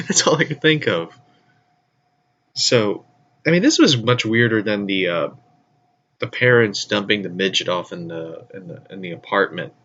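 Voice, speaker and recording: A man's voice: on the low side, animated, measured pace, pauses often, fairly bright tone, muffled recording, slight background noise. A man rambling casually through news and geek topics, loose and profane, with frequent restarts. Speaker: vlogger.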